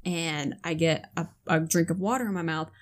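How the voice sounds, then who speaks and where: A woman's voice: sits low, normal speed. A woman chatting casually, telling funny stories about her father with bursts of laughter and casual swearing. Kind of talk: casual chat.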